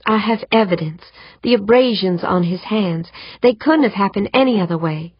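A woman reading an anxious young woman in a husky, slightly raised voice, pressing her case with urgent pleading. The sound is dull and dry, like an audiobook recorded close in a small booth. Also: medium pitch, moderate pace, dry recording, natural voice.

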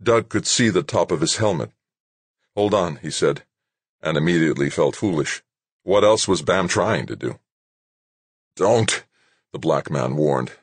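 A man reading an audiobook as narrator in a steady, measured way. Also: a bass voice, husky, dry recording. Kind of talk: scripted narration.

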